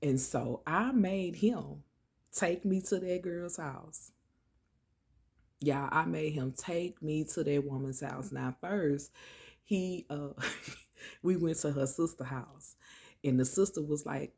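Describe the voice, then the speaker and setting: Gravelly-voiced woman telling a story. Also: low voice, slow. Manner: chatty, animated, addresses listeners as y'all and child. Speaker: vlogger. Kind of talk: casual storytelling.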